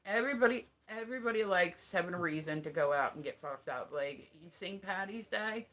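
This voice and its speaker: Woman, 30s, livestreamer; bright, crisp tone, meandering and salty. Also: mid-range voice, lively intonation, a little fast. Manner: rambling, profane, filler-heavy talk. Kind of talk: casual livestream chat.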